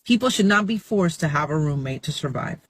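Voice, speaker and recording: High-voiced man breaking down math. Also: expressive, fairly quick, a bit bright, breathy edge. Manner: methodical, walking through numbers. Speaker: vlogger explaining wages. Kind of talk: explanatory casual vlog.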